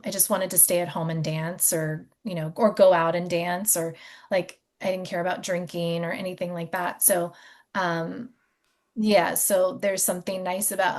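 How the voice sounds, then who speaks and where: A woman in her forties talking reflectively as a podcast guest, chatty and full of fillers. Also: lowish voice. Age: 40s. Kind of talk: casual interview conversation.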